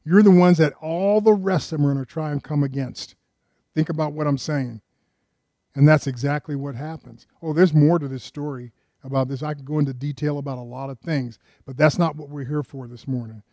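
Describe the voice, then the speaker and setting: Mellow-voiced man preaching a sermon. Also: a little high, steady tone, a little fast, dry recording, clean studio sound. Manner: asks the congregation rhetorical questions; addresses listeners directly and earnestly. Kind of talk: conversational sermon.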